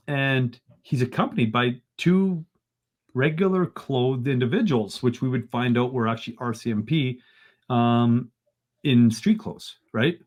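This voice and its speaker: A man, a podcast guest retelling events in an animated, exasperated way and often ending lines with "right?". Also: mid-range voice. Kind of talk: casual storytelling in a podcast interview.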